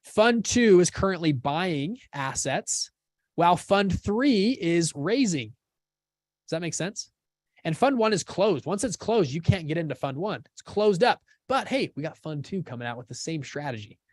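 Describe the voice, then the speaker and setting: A fairly high-voiced man runs a live class in a casual, upbeat way. He keeps pausing to ask whether his listeners are keeping up. The sound is close and dry, with no room echo. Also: lively intonation, darkish tone. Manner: casual, upbeat, often checks understanding. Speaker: course host. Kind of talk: live teaching session.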